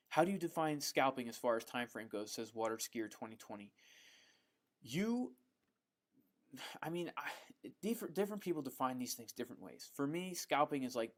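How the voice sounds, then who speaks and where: A man runs a live Q&A stream, reading viewer questions aloud and answering off the cuff. His voice sits at an ordinary middle pitch. He talks in a loose, friendly way, with plenty of ums and the occasional "bro". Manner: relaxed and chatty, frequent ums, calls viewers bro. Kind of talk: casual live Q&A chat.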